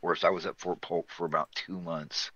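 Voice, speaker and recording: A man's voice: sits low, level tone, normal speed, bright, forceful tone, no room sound, lo-fi sound. A middle-aged man, an Army veteran guest, telling stories in casual chat with wry humor and free swearing. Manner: wry, swears freely, laughs through stories.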